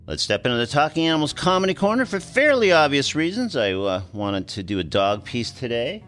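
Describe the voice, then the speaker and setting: A man hosting a radio talk show in a studio, lively and hesitant with many fillers. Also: medium pitch, brisk, soft background music.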